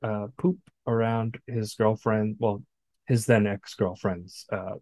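A man's voice: lowish voice, fairly even intonation, takes it slowly, a little mellow, dry recording. A man co-hosting a podcast, recapping a film in casual chat, blunt and profane. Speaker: podcast co-host. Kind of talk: casual movie discussion.

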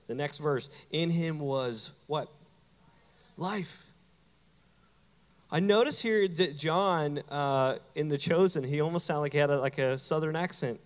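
A middle-aged man, a pastor, giving a lively, conversational sermon with playful asides to his congregation. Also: a little high, long reverb tail. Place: church sanctuary.

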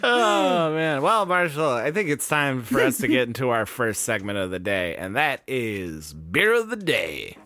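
A man's voice: medium pitch, very animated, a little slow, few pauses, sharp tone, a little hiss or hum. A man co-hosting a casual comedy podcast, laughing often and swearing loosely. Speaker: podcast co-host.

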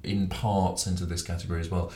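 A young man co-hosting a podcast, chatty and quick to laugh as he talks about films. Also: sits low, little pitch movement, warm tone. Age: young adult. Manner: chatty, laughs easily, restarts a lot. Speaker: podcast co-host. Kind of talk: casual chat. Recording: echoey room.

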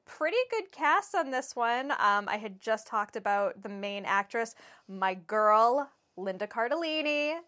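A woman in her thirties co-hosting a casual podcast, animated and blunt, swearing and laughing often. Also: a little high, a little slow. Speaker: podcast co-host. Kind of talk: casual chat.

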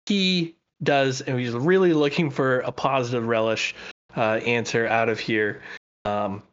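A man's voice: medium pitch, steady tone, unhurried, clear, resonant tone, lo-fi sound. A man co-hosting a podcast, chatting casually and enthusiastically with lots of fillers and restarts. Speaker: podcast co-host.

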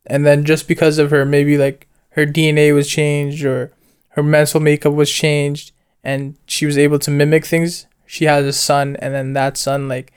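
A man's voice: a little high, normal speed, clear, resonant tone. A young man chatting casually about a film, rambling and slangy as he retells scenes. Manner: rambling, animated slang-heavy storytelling. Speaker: co-host reviewing a film. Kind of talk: casual chat.

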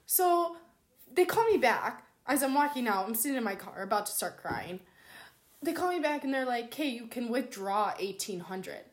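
A woman's voice: on the high side, normal speed. A young woman telling an embarrassing story in casual chat, swearing freely and acting out her own quotes. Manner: swears a lot, animated storytelling with acted-out quotes.

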